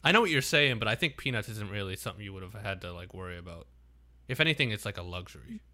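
A man's voice: lowish voice, animated, quick pace, bright, forceful tone. A man co-hosting a podcast in casual chat, rambling and swearing a lot. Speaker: podcast co-host.

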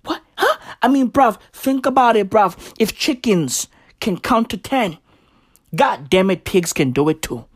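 A comedian delivering a rant full of street slang and swearing, often jumping up into shouts. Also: medium pitch, a little slow, husky, no echo, studio quality. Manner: slang-heavy, profane, animated swings into shouting.

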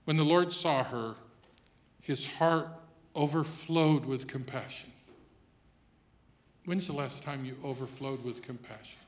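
Male pastor, casual teaching sermon, dynamic swings from soft to forceful. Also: mid-range voice, a little slow, pauses often. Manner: conversational preaching, swings from quiet to loud emphatic.

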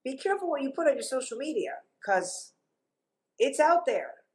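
A middle-aged Cuban TV journalist talks as a guest in an interview, telling her stories with emphasis and animation. She has a high voice and a moderate pace, on poor-quality audio.

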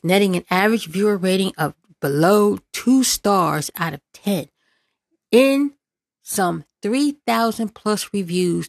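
A woman's voice: fairly low pitch, gravelly, no echo. A woman political commentator who reads out news, then rants in a sarcastic, exasperated way, repeating words for emphasis.

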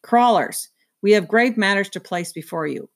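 A woman's voice: medium pitch, expressive, normal speed, lightly acted. Woman doing a grave, commanding old man. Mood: solemn. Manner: solemn, formal.

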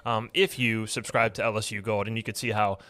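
A man's voice: lowish voice, little pitch movement, brisk, sharp tone. A man hosting a sports podcast from a stadium studio, casual and self-deprecating with joking banter, sweaty after a day at practice. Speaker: podcast host.

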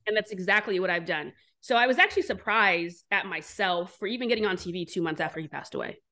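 A woman entrepreneur being interviewed, telling her story candidly and bluntly, animated and swearing freely. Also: on the low side, fast. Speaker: entrepreneur guest.

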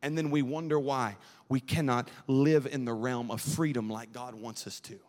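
A man's voice: medium pitch, fairly even intonation, moderate pace, a little mellow. A young man preaching a fervent youth sermon at a church service, calling on the crowd to answer back in a rhythmic preaching cadence. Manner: fervent, call-and-response with the crowd. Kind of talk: Pentecostal-style sermon. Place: church sanctuary at an evening service. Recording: long reverb of a large hall.

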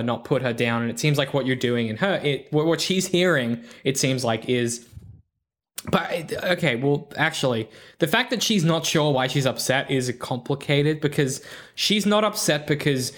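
A man's voice: a little high, animated, moderate pace, a bit bright. A man co-hosting a podcast, chatting casually in a rambling, jokey, self-deprecating way. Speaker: podcast co-host.

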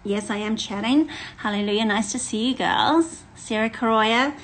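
A middle-aged Australian woman, a pastor hosting a live stream, chatting in an animated way. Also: fairly high pitch, normal speed, a little hiss or hum, rough recording. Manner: animated, chatty and warm to viewers, with laughter. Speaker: pastor and podcast host. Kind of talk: casual live-stream chat. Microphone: live-stream setup in front of a screen.

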